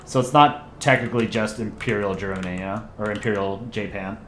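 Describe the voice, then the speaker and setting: A man's voice: lowish voice, fairly quick, a bit bright, slight background noise. A man hosting a livestream, casually chatting and joking through viewer messages in a rambling, self-deprecating way. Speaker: livestream host and channel voice actor. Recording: roomy echo, faint ambience.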